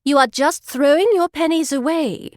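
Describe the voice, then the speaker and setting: A woman's voice: high-pitched, normal speed, no echo, pitched above the performer's own voice, natural voice. Lady doing a snooty posh mum, cold and clipped, dry recording. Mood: disapproving. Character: prim, snobbish well-off mother.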